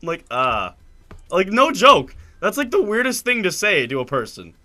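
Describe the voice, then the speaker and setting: A man telling a story in casual chat while playing a game, animated and laughing as he acts out quotes. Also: sits high, normal speed, soft background music. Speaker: gaming video host. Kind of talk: casual storytelling over gameplay.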